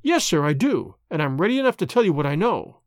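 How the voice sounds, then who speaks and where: A man's voice: on the high side, very animated, quick pace, no room sound, studio quality. A man voicing a plain-spoken, loyal middle-aged female servant telling what she knows, in an audiobook reading. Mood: confiding. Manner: homely, confiding, folksy.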